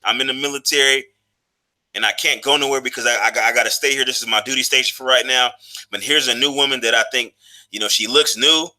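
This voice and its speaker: A man's voice: medium pitch, steady tone, fast, bright, forceful tone. A man in his thirties telling a personal story in a loose, profane, casual monologue, full of fillers and restarts. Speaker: vlogger.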